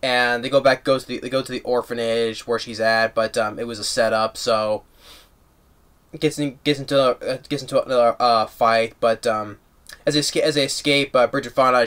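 A man giving a casual, rambling movie review and recapping the plot excitedly with lots of restarts. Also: medium pitch, smooth.

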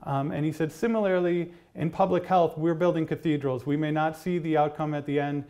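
Man, lecture, fairly high voice, conversational, fillers and restarts. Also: steady tone, brisk, dark tone. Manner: conversational, frequent fillers and restarts, tells jokes. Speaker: policy director giving a university lecture. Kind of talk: public lecture. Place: lecture hall.

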